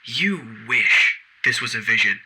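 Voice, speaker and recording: A man voicing a cruel male villain who taunts in a slow, mocking sing-song. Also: mid-range voice, lively intonation, heavy background noise, lightly acted. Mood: taunting.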